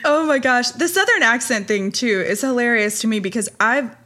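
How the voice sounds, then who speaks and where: A woman from the American South hosting a casual podcast. Her voice is bright and a little high. She teases her guest and giggles often. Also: normal speed. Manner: giggly, animated, teasing. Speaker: podcast host.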